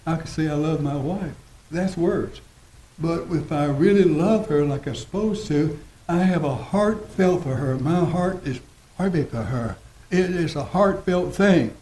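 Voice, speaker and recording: A man preaching a sermon as pastor, folksy and repetitive, slowing down to stress his points. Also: on the high side, a little mellow. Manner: folksy preaching, repeats phrases, slows for emphasis. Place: church sanctuary. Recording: roomy church echo.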